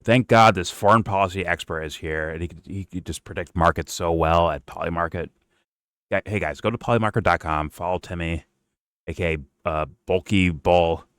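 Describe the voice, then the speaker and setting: Deep-voiced man, mocking and profane. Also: fairly even intonation, moderate pace, a bit bright, no echo, clean studio sound. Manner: mocking, sarcastic, swears often. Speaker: reaction stream host. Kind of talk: casual profane commentary.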